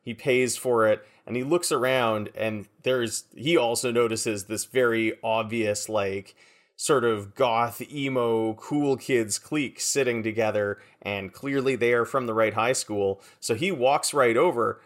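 A man narrating a tabletop game as game master in a relaxed, descriptive way. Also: mid-range voice, a little slow.

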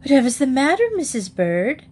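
A woman's voice: mid-range voice, big pitch swings, slow pace, a little mellow, slight background noise. A woman voicing a concerned middle-aged mother.

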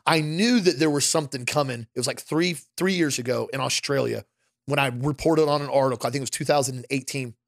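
Animated man telling stories in a dry room. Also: mid-range voice, fast, creaky, no echo. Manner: animated storyteller, acts out quoted people. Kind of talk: casual conversation.

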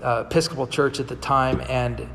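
A man's voice: medium pitch, little pitch movement, moderate pace, big-room sound, noisy background. A male pastor delivering a sermon in a conversational storytelling manner, acting out the people he quotes. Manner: conversational storytelling, vividly acts out quoted dialogue.

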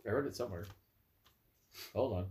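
A man's voice: fairly low pitch, fairly quick, darkish tone, slight background noise. A young American man co-hosting a podcast, casual and rambling, laughing often and full of fillers. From United States. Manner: giggly, rambling, lots of fillers. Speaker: podcast co-host. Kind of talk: casual chat.

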